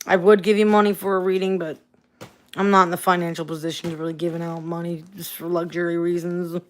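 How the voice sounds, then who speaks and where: A woman's voice: on the low side, level tone, fast. Angry swearing woman venting on a livestream. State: tired, up at four in the morning. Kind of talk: late-night livestream rant.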